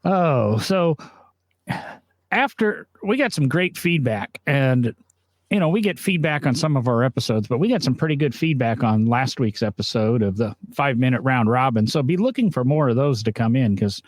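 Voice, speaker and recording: Over a video call with a green screen, a man co-hosts a casual podcast, chatty and frequently laughing. His mid-range voice is animated and moves at a normal speed, with no echo.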